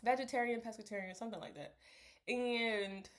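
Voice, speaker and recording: Young woman, slightly high voice, rambling reflective vlog chat. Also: steady tone, normal speed. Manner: rambling, reflective, laughs often. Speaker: vlogger. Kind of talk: casual talk to camera.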